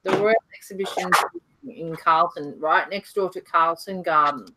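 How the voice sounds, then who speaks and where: A woman's voice: lowish voice, moderate pace, heavy background noise. A woman with an Australian accent hosting a casual livestream from her couch, chatting and reading out viewer questions. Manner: chatty, reads out viewer questions, laughs often. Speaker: livestream host. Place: home couch.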